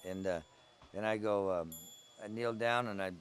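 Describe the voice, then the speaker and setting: A man's voice: lowish voice, steady tone, normal speed, slight background noise. An older man recalling his early days at the gathering in a rambling, conversational oral-history style. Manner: rambling, conversational storytelling with digressions.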